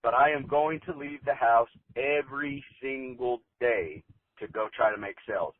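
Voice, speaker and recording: A man, an insurance agent, giving a plainspoken motivational talk with a folksy anecdote, pausing often on fillers. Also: medium pitch, no echo. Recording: tinny phone-like dry sound.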